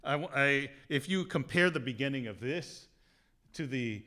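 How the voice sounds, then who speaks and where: Casual piano teacher, man, mid pitch. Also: animated, pushed and bright. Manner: casual and halting, many fillers, sings phrases aloud. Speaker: piano teacher giving a lecture. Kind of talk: informal music lecture.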